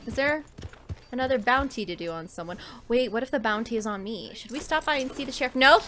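A woman's voice: fairly high pitch, animated, fast talker, fairly bright tone, slight background noise. A young woman streamer giving casual, emotional, chatty commentary on a game she plays. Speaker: gaming streamer. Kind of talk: casual let's-play commentary.

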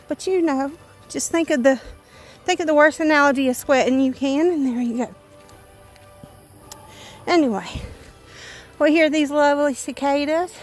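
A middle-aged woman with a Southern US accent hosts her painting channel, chatting casually and joking through animated, rambling rants in a high-pitched voice.

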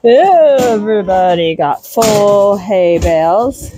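Woman, middle-aged, unhurried, mellow tone, barn chores, faint noise behind. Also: mid-range voice, animated, rough recording. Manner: chatty, talks to her animals. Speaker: homesteading vlogger. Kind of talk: casual chat while doing farm chores. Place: barn with animals.

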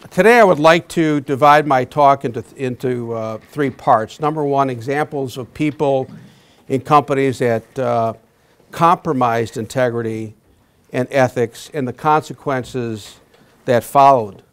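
A man in his sixties giving a prepared talk to a university audience, halting often with fillers and restarts. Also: mid-range voice. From Wisconsin. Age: 60s. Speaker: guest speaker.

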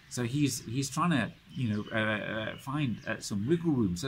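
A man's voice: mid-range voice, animated, moderate pace, few pauses, a little hiss or hum. A man teaching a study circle, retelling history dramatically with many restarts and frequent checks of "right?". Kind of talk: lecture storytelling.

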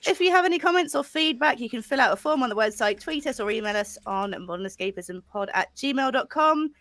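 A woman's voice: fairly high pitch, expressive, fairly quick, a bit bright, no echo. A woman co-hosting a podcast, dry and self-deprecating as she reads out the show's socials. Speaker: podcast co-host. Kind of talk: casual chat, reading out socials.

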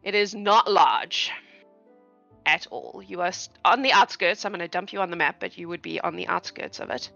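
A woman's voice: fairly low pitch, lively intonation, normal speed, gravelly, sharp tone, highs cut off, faint music behind. A woman running a tabletop game as game master, describing scenes in a rambling, chatty way and searching for words.

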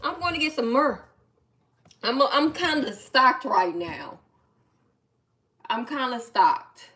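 Woman goin live, bright voice, a bit high, playful and chatty with her viewers. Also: slow pace. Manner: animated, playful, chatty, talks back to viewers. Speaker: live-stream host reading viewer comments. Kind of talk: casual live-stream chat.

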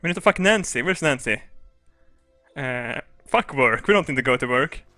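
A man doing let's play commentary, crude and excitable, his voice swooping up into shrieks and laughs. He talks into a close, dry mic with faint game music underneath. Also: medium pitch, normal speed, no echo. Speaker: gaming video host.

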